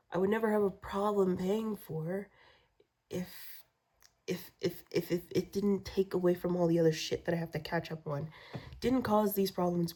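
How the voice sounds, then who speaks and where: A woman's voice: on the low side, dark tone. A woman venting in a rambling vlog rant, swearing a lot, repeating herself and dropping into whispers. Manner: profane, repetitive venting, drops to whispers. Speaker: vlogger.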